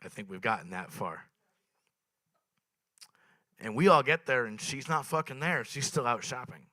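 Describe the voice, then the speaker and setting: A young man performing a stand-up comedy set at a small open mic, telling dark stories in a deadpan, swearing way. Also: medium pitch, a little slow, no echo.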